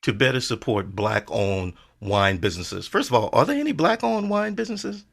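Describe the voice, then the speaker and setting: A man hosting a casual interview, relaxed and joking, who speaks to the viewers directly. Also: mid-range voice, normal speed, vocal fry. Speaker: show host.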